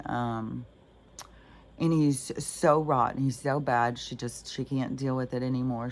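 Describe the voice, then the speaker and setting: A woman's voice: a bass voice, creaky, darkish tone, slight background noise. A middle-aged woman talking casually and bluntly, rambling with lots of fillers and swearing. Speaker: spiritual vlogger.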